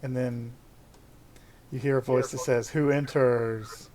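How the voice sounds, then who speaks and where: A man runs a tabletop game as game master, laying out each scene in slow, descriptive narration. His voice stays flat and even at a middle pitch. Faint noise sits behind him.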